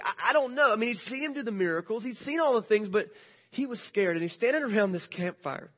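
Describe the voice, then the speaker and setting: A high-voiced male pastor tells the story in a loose, joking, animated way. He speaks to a church congregation that includes children. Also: quick pace. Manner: casual, jokey, animated retelling. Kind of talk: sermon storytelling.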